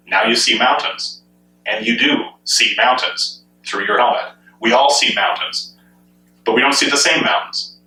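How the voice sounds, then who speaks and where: A man's voice: medium pitch, sharp tone. A man giving an enthusiastic solo commentary on gaming, asking many rhetorical questions as he goes. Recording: echoey room, mic at a distance.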